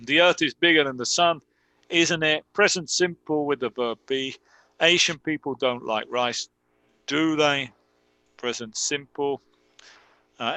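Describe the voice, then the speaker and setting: Slow, bright-voiced male English teacher. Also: fairly high pitch, no echo, low-quality recording. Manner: deliberate, corrects himself aloud. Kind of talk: online grammar lesson, reading example sentences.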